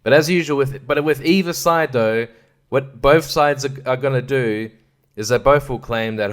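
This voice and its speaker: A man's voice: medium pitch, normal speed. An Australian man hosting a podcast, giving a sarcastic comedic monologue and chuckling between jokes. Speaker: podcast host.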